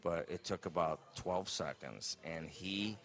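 Deep-voiced man telling a comic story. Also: slow, faint music behind. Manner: animated, acts out quotes. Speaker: comedian. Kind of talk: stand-up storytelling.

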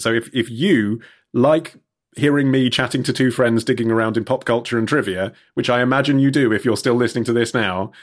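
A man hosting a podcast in casual chat, wry and self-deprecating. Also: mid-range voice. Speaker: podcast host.

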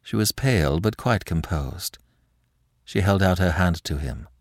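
A man's voice: low-pitched, measured pace, dry recording, clean studio sound. A man narrating a classic novel expressively as a podcast reader. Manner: expressive storytelling. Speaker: audiobook narrator. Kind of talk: scripted narration.

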